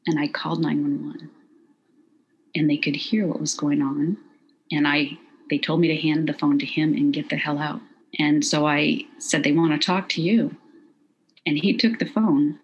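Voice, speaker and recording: A middle-aged woman recounting a personal story in an interview, quiet, measured and halting. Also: low voice, highs cut off, slight background noise. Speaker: guest.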